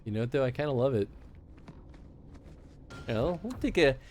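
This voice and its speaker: Casual male streamer, light Chicago accent, animated, chatty. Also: medium pitch, moderate pace, slight background noise. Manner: rambling, chatty, laughs often. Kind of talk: casual live-stream chat.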